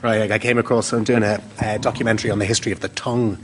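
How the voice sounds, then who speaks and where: A man's voice: fairly low pitch, flat delivery, rapid-fire, slight background noise. A man on a discussion panel explaining fluently and quoting old texts.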